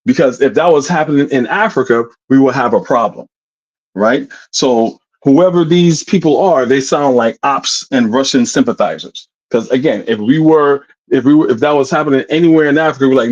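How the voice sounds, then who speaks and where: A man's voice: mid-range voice, normal speed, lo-fi sound. A man on a livestream panel talking bluntly in a heated rant, swearing now and then, heard over a remote call.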